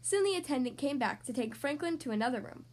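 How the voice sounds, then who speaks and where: High-voiced woman reading a children's story. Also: quick pace. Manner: gentle, expressive. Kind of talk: children's storybook read-aloud.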